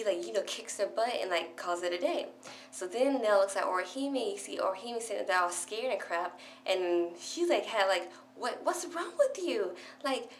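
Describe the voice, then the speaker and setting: A young woman gushes about a favorite show, her chatter tumbling out with constant "like"s. She sounds recorded in a bare, echoey room with a faint hum underneath. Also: on the low side. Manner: gushing, breathless fan chatter full of "like". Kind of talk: excited casual recap to camera.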